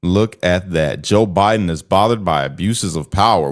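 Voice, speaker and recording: A man's voice: deep voice, moderate pace. A man hosting a reaction video, talking bluntly and mockingly straight to his viewers in casual commentary.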